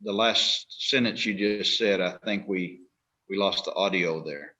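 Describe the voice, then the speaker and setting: A man's voice: low-pitched, unhurried, bright, forceful tone. A man chairing a public meeting in a polite, formal manner, calling on speakers. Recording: dull lo-fi call audio.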